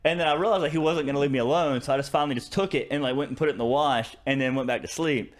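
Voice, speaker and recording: A man's voice: mid-range voice, fairly even intonation, racing, crowd noise. A young man with a Southern American accent, telling a long rambling story on a casual podcast, full of fillers and restarts. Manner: rambling, many fillers and restarts, laughs through stories. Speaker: podcast co-host.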